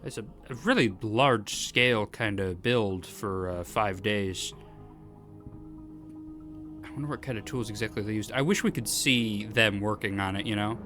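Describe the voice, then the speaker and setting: A man with a fairly low voice talks eagerly over game footage as a video host. He gushes and restarts his sentences, doubling words as his enthusiasm runs ahead of him. Soft music plays faintly behind him. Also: normal speed. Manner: enthusiastic, gushing, often repeats words when starting sentences.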